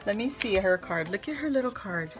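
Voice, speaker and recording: A woman, middle-aged, chatting casually to camera as a craft vlogger, gushing and excitable as she shows off things. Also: medium pitch, fairly quick, faint music behind. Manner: gushing, excitable, squeals with delight. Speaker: craft vlogger unboxing happy mail.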